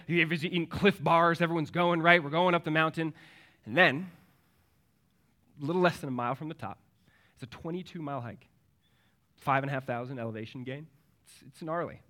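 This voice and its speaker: A man's voice: on the high side, sharp tone. A man in his thirties, a pastor, preaching a sermon and telling a family story, acting out the voices in it.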